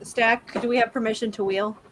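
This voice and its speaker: A woman chatting excitably in a casual group conversation. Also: on the high side, brisk, slight background noise, poor audio.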